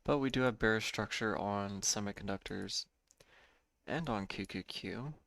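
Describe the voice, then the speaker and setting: A man giving live day-trading commentary, measured and thinking aloud, correcting himself now and then, a bit tired. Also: on the low side, vocal fry, fairly bright tone, no room sound.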